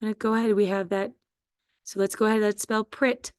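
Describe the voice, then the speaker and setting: A woman's voice: mid-range voice, steady tone, brisk, smooth, dry recording, clean studio sound. A woman teaching a phonics spelling lesson to children, patiently sounding out letters and syllables one at a time.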